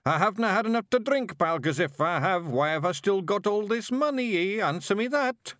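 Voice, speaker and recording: A man playing boisterous drunk Scottish fairy folk, loud and brawling, high-pitched brogue. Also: lively intonation, moderate pace, dry recording, studio quality. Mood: rowdy drunk. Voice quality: gruff brogue, squabbling. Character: rowdy drunken wee fairy men as scarecrow, thick Scots.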